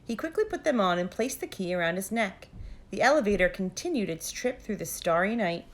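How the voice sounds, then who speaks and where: A woman reads a children's picture book aloud as a guest reader. Her voice sits at an ordinary middle pitch. She narrates steadily and plainly. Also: big pitch swings, fairly quick.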